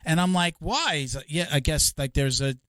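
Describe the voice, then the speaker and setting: Male host, 50s, slightly high voice, dry close mic; rambling chat with acted-out quotes. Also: fairly quick, clear, resonant tone, no room sound. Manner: animated storyteller, acts out quotes of others; rambling, many restarts. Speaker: podcast host. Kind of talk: casual chat.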